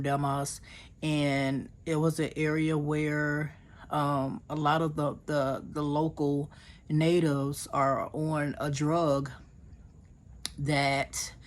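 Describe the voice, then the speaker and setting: A woman from the United States, telling an earnest, emotional story about her mission trip in a casual vlog, with many fillers and restarts. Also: deep voice.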